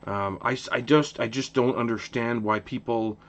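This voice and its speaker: A hockey channel host from Ottawa, Canada, rants his opinions to camera, passionate and animated, restarting himself again and again. His mid-range voice moves at normal speed, and the audio sounds dull.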